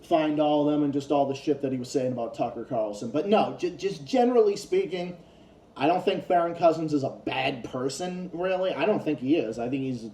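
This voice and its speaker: A man's voice: on the high side, a little fast, mellow, reverberant. A man ranting in a casual commentary vlog, heated and profane, often restarting his sentences. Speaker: YouTube commentator.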